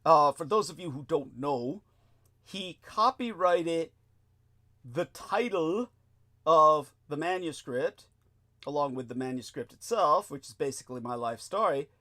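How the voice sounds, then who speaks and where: Male talk host, slightly high voice, rambling and profane lectures. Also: lively intonation, unhurried, pushed and bright. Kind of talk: casual talk-show monologue.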